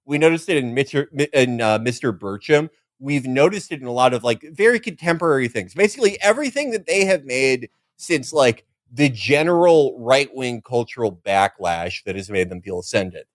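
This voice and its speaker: A man guesting on a comedy podcast, talking in an animated, jokey way. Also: medium pitch, fairly quick, hardly any pauses, no room sound. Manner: animated, jokey, repeats himself. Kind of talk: casual comedic chat.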